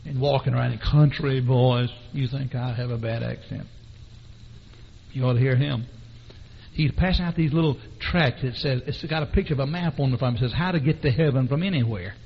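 A man's voice: mid-range voice, a little fast, gravelly, a little hiss or hum. A man preaching a sermon, telling stories with animation and calling on the congregation. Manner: animated storytelling, calls on the congregation. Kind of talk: sermon with anecdotes. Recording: dull lo-fi recording.

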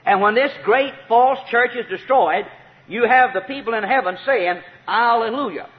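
High-voiced preacher in an echoing hall. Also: male voice, moderate pace. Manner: emphatic, repeats key phrases, rises to shouts of praise. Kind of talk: sermon. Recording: tinny phone-like sound with long hall reverb.

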